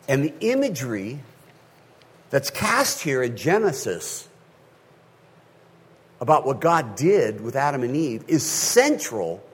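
A male pastor preaching a sermon in an animated way, often checking in with his listeners. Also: medium pitch, breathy edge.

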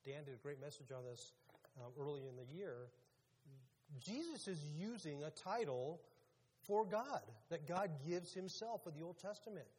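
Husky man preaching in a reverberant hall. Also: on the high side, animated, moderate pace, darkish tone. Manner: casual, questions the audience. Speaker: pastor. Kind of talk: conversational sermon.

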